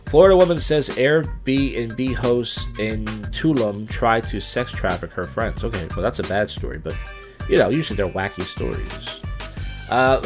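A man's voice: fairly low pitch, expressive, unhurried, faint music behind. A man live streaming, reading odd news headlines in a crude, rambling way with off-the-cuff jokes.

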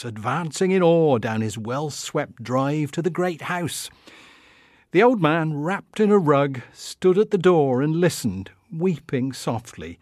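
A man's voice: a little high, no room sound, clean studio sound. A man giving an evocative literary reading of a childhood memoir. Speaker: reader.

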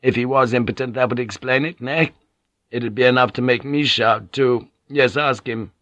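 A man's voice: mid-range voice, normal speed, a bit bright, no echo, voice pushed up, natural voice. A man voicing an anxious young samurai officer in an audiobook, brusque and commanding. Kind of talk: audiobook character reading.

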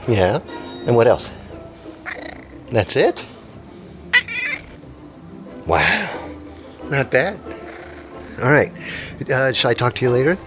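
A man in his fifties hosting a comedy podcast, rambling excitedly and joking. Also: mid-range voice, slow pace, long pauses, music in the background. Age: 50s. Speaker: podcast host.

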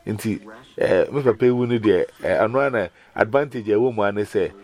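Talking a little fast, a man with a Ghanaian accent relates a personal testimony via video call. He brings it to life with energetic storytelling and sharp leaps in pitch.

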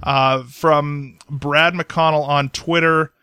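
A man's voice: fairly high pitch, steady tone, takes it slowly, sharp tone, clean tone, dry recording, clean studio sound. A man hosting a podcast in upbeat casual chat, leading each segment. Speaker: podcast host. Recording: music faintly behind.

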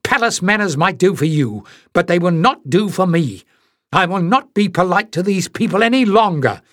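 Storybook role: man playing a sharp, defiant young woman, raised voice pitch, dry booth sound. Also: very animated, measured pace, dry recording, heavily acted. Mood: angry. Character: fiery young woman from the forest.

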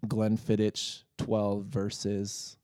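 A man's voice: lowish voice, monotone, drawn-out words, darkish tone, no room sound, clean studio sound. A man chatting casually, rambling and self-mocking. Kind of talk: casual chat.

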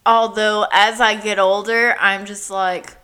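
Casual co-host, a blunt woman who swears freely, with a slow, unhurried delivery and a bright, sharp-edged voice. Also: on the low side. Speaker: podcast co-host. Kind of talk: casual TV recap chat.

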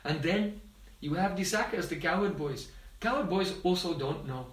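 A man's voice: high-pitched, expressive, moderate pace. Man giving a devotional talk, roomy. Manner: storytelling, checks in with listeners. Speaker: spiritual teacher. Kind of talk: devotional discourse. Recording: roomy, distant mic.

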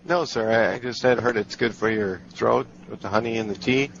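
Deadpan fake hotel manager on the phone. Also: male voice, lowish voice, a little fast. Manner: smooth, falsely soothing, deadpan. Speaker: prank caller posing as hotel manager. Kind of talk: prank phone call. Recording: lo-fi phone line with faint hiss.

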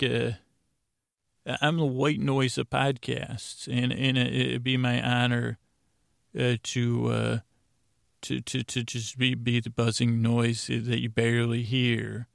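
A man hosting a sleep podcast, rambling and stammering in a deadpan comedic monologue. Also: mid-range voice, slow pace, gravelly, no room sound, clean studio sound. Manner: stammering, self-interrupting, deadpan.

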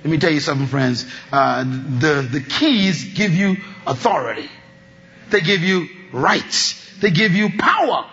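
A man preaching a sermon as pastor, animated, swinging between shouts and low asides and laughing often. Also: measured pace, dull audio.

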